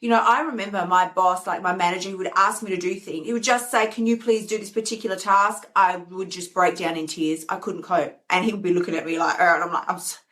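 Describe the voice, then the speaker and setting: A woman's voice: fairly low pitch, fast, hardly any pauses. A middle-aged woman hosting a self-help live stream, talking casually and animatedly and acting out the voices in her head. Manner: animated, acts out inner voices. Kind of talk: casual motivational talk.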